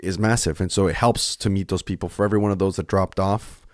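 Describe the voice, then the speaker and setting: A podcast co-host speaks in a low, steady voice, talking fast in a studio-quality recording with no room sound. He's earnest and emotional in a candid conversation, going on at length and often stopping mid-thought to start over.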